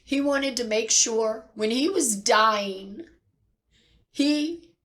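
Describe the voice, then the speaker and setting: A middle-aged woman telling a personal story near tears, halting and repeating herself with pauses. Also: fairly high pitch, lively intonation, fairly bright tone. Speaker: vlogger sharing personal loss. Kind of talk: tearful personal account.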